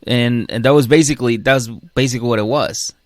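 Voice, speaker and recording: A man's voice: mid-range voice, quick pace, no room sound. Podcast guy just rambling, lots of restarts, acts out voices, dry close mic. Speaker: podcast co-host. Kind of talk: casual chat.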